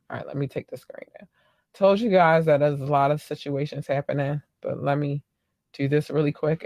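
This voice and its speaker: In a studio-quality recording with no room sound, a low-voiced woman chats casually on her own podcast. She is effusive, gushing thanks and love to listeners, and her talk is full of ums and slang.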